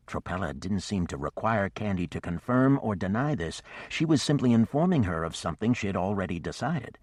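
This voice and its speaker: A man with a lowish voice narrates a fantasy audiobook, with an animated, storytelling delivery. He sounds close to the mic in a dry, dead room. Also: a little fast, few pauses, no room sound. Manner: expressive storytelling. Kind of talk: scripted narration.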